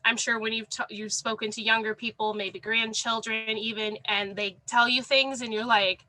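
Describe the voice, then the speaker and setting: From home, with her dog lying beneath the desk, a sign language teacher leads an online class by video call, cheering on students and praising them by name. Her voice is a little high, bright and pushed, at a normal pace, in a dry, low-quality recording.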